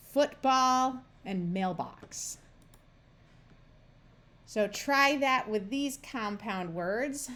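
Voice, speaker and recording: Her voice a little high and a bit bright, an American-accented woman works as a reading tutor, patiently sounding out letters and words individually during a slow, careful phonics lesson.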